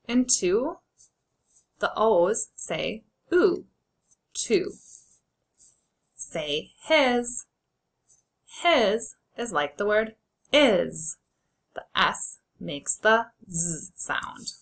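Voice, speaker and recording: A woman teaches young children to read, sounding out each word slowly and clearly. Her voice is bright and forward, and she encourages the class warmly as friends. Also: mid-range voice, poor audio. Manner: slow, clear sounding-out of words. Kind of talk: early reading lesson for children.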